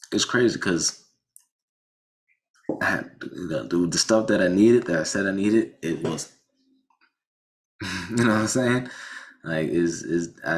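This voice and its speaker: A man casually telling a personal story about a car accident, animated, with frequent restarts and blunt swearing. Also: low-pitched.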